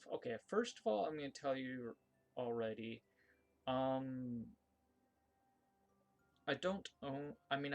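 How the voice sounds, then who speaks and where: A man giving casual live-stream commentary while playing viewer-made game levels, thinking aloud with restarts and fillers, and yelping when something surprises him. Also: gravelly. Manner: bursts of high excitement at surprises.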